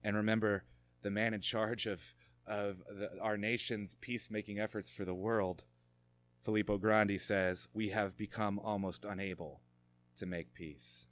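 A man preaching a sermon, moving between quiet reflection and fervent, rising emphasis. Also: fairly low pitch, steady tone, normal speed, no echo. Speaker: pastor.

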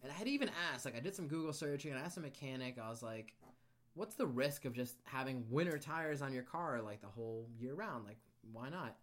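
A man tells a story on a podcast in a loose, casual way. He swears freely and slips into other people's voices as he quotes them. His voice sits at an ordinary pitch for a man. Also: expressive, fairly quick. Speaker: podcast guest.

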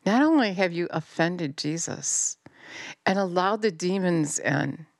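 A middle-aged woman giving an impassioned sermon, fervent and scolding, swinging from near-shouts down to low intense tones. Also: unhurried, no room sound, studio quality. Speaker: preacher.

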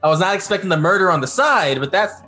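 A man's voice: high-pitched, expressive, fast, sharp tone, soft background music. A man playing a tabletop game, joking and sarcastic in casual banter. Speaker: player.

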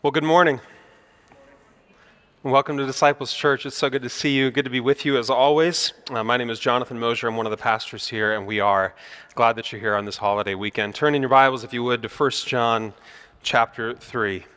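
A pastor giving a sermon, telling a story in a conversational way with self-deprecating humor. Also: male voice, mid-range voice, steady tone, brisk, fairly bright tone, smooth. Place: church sanctuary. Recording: church hall reverb.

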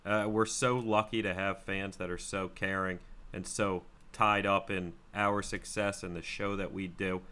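A man co-hosting a podcast chimes in with eager, agreeable enthusiasm. His voice sits a bit low for a man. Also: little pitch movement, unhurried, few pauses, sharp tone, clean tone. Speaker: podcast co-host. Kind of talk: casual chat.

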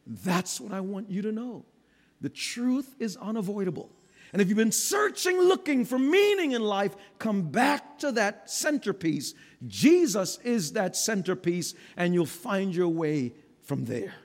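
A middle-aged man preaching a sermon, swinging from low, quiet stretches to loud, ringing calls. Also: sing-song, unhurried. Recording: long hall reverb.

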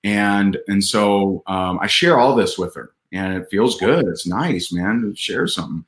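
Male guest, lower register, earnest conversational storyteller, fillers and restarts. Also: lively intonation, unhurried. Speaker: podcast guest. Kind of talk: casual storytelling.

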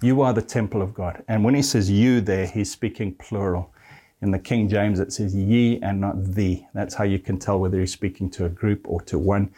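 A man's voice: lowish voice, steady tone, moderate pace, mellow. A man preaching a sermon, reading scripture verses aloud and earnestly addressing his listeners as friend.

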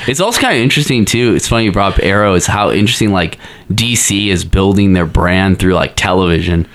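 A man with a lowish voice talks casually on a podcast, circling his points with lots of fillers, restarts and trailing clauses. He sounds relaxed and conversational. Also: fast. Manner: rambling, many fillers and restarts. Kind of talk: casual pop-culture chat.

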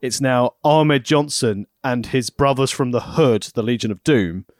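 A man's voice: medium pitch, measured pace, dry recording, studio quality. A man co-hosting a casual chat, making wry jokes. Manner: wry, jokey. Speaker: podcast co-host.

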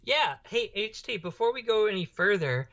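A man's voice: high voice, sing-song, normal speed, a bit bright. Rambling young man on a dull recording. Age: young adult. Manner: rambling, joking, stumbles over words. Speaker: podcast co-host. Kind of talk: casual podcast chat. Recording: dull lo-fi audio.

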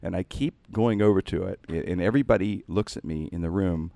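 A man, a radio host and impressionist, telling a story casually and animatedly, jumping way up in pitch on punchlines. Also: fairly quick, creaky, warm tone, dry recording.

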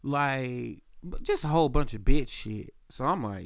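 A man hosting a podcast, telling a loose, profane story about his boss and clearing his throat often while he is sick. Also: medium pitch, animated, moderate pace, no echo, studio quality. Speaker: podcast host. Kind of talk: casual storytelling.

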